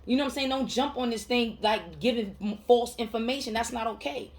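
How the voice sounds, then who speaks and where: A woman's voice: a little high, fairly quick. A woman mental health counselor giving a heartfelt motivational monologue to camera, emphatic and slangy, repeating phrases to drive her point home.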